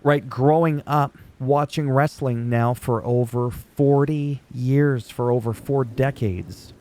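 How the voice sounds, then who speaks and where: A man's voice: mid-range voice, fairly even intonation, takes it slowly, darkish tone. A middle-aged man hosting a casual wrestling recap, rambling and chatty, joking at his own expense. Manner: rambling, chatty, laughs at himself.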